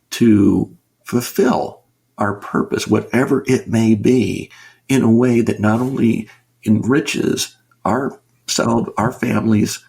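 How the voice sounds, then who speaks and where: A middle-aged man talks as an interview guest, earnest and emphatic, often asking rhetorical questions. His voice sits low, with a gravelly edge and a husky texture. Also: a little mellow. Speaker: business author and consultant, guest. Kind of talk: conversational podcast interview.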